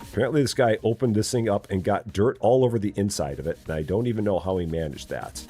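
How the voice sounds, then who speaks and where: Low-voiced man muttering through gameplay. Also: fast, soft background music. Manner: chatty, mutters quietly to himself while working. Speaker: game streamer. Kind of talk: casual live gameplay commentary.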